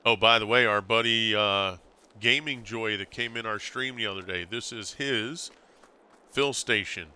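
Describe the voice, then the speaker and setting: A middle-aged man chatting casually on a gameplay stream, telling stories in a lively way. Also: on the low side, a little slow, clear, resonant tone. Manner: animated storyteller, acts out quotes with laughs.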